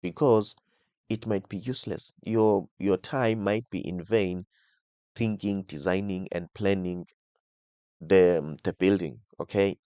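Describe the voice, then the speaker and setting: A man with a low voice guides viewers through a coding tutorial, thinking aloud and restarting words as he explains. He checks in with "okay?" after almost every point. The recording is dry and close, with no room sound around him. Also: measured pace, warm tone, clean tone, no room sound. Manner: explains step by step, tags nearly every phrase with "okay?". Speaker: coding instructor.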